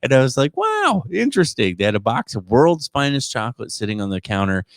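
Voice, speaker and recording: A man's voice: lowish voice, fast talker, clean tone, dry recording, studio quality. A man hosting a podcast, telling a funny story in casual chat and slipping into other people's voices. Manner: animated, quotes others in put-on voices. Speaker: podcast host and comedian.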